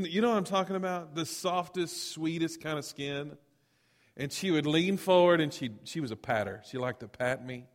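A middle-aged male pastor telling stories in a sermon, swinging from loud to hushed. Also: fairly high pitch. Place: church sanctuary. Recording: long hall reverb.

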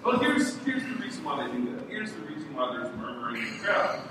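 Middle-aged male pastor, lively storytelling sermon, slightly high voice, far-off mic in a reverberant hall with background noise. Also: brisk. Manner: animated storytelling, acting out voices. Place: church hall. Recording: echoey hall from far off, noisy.

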